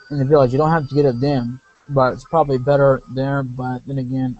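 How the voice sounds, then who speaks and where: A man's voice: medium pitch, darkish tone, lo-fi sound. A man giving casual, rambling gameplay commentary, correcting himself and drifting into asides. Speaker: let's play commentator.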